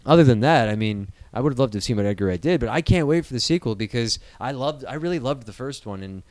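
Young male podcast host, loose and profane, smooth clear voice, dry close sound. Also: mid-range voice, fast talker, no echo. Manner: profane, rambling, animated storytelling. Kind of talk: casual chat.

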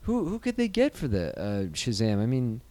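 A man's voice: medium pitch, huge pitch swings, moderate pace, dark tone, no echo. A man co-hosting a casual movie news show, rambling and sarcastic, swearing often. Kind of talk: casual profane banter.

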